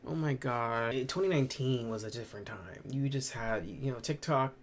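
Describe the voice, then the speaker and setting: Brief: young male vlogger, campy and animated, reacting to his old clips, faint hiss behind. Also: medium pitch, fairly quick. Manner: animated, campy, swears freely. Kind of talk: casual reaction chat.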